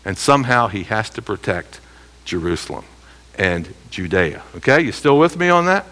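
Animated man teaching the Bible. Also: fairly low pitch, moderate pace. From United States. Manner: animated, keeps checking listeners with rhetorical questions.

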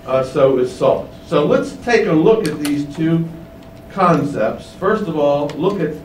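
A man preaching a sermon, teaching slowly and emphatically, stressing key words with rising pitch. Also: lively intonation, darkish tone, reverberant, far from the mic, a little hiss or hum, low-quality recording.

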